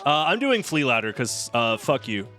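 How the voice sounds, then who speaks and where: A man's voice: mid-range voice, very animated, moderate pace, bright, forceful tone, faint music behind. An American man commentating a live-stream game run, joking and sarcastic as he chats with viewers. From United States.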